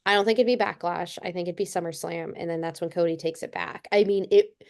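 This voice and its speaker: Animated young woman podcast co-host. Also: on the low side, fast talker. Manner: animated storytelling, acts out quotes. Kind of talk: casual chat.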